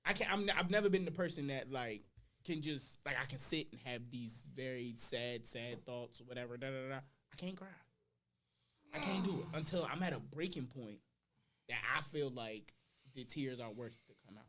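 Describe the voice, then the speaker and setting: A young adult man, a podcast guest, telling personal stories in casual slang, his voice swinging between loud and quiet. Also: medium pitch, animated, normal speed.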